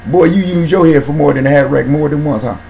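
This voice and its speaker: A man hosting a casual talk show, speaking in slang and shouting out viewers by name. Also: a little high, fast, gravelly, crowd noise, low-quality recording. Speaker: host.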